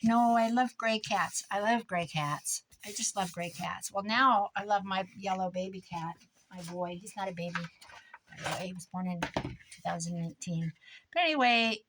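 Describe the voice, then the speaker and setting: Working on a craft, this older Iowa woman talks in a chatty, rambling manner for her crafting vlog, often drifting into stories. She speaks at a medium pitch with a fairly bright tone, over poor audio that has a little hiss or hum.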